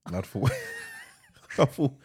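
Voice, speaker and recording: A man's voice: slow pace, a little mellow, a little hiss or hum. A man co-hosting a casual podcast, laughing often and repeating himself as he talks. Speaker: podcast co-host. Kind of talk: casual chat.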